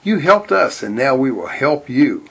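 A man voicing kind talking frogs in a storybook reading, gentle and slightly raised. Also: mid-range voice, very animated, unhurried, creaky, husky, exaggerated voice.

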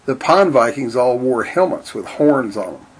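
A man reading a storybook aloud in a steady, deadpan way. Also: medium pitch, moderate pace, husky. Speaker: narrator.

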